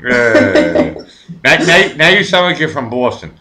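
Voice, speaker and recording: A man's voice: mid-range voice, very animated, measured pace, a crowd in the background. A man hosting a casual live chat show, rambling and stammering through crude jokes.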